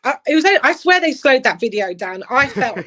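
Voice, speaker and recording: A woman's voice: high voice, lively intonation, moderate pace, bright, forceful tone. Chatty woman in her fifties, casual interview guest. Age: 50s. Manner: chatty, emotional, lots of "like" and "literally". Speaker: guest, club player care head.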